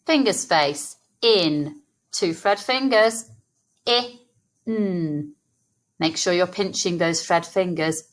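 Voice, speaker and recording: An English woman teaching a phonics lesson to young children, sounding out words slowly and encouragingly. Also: lowish voice. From England. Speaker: primary school teacher.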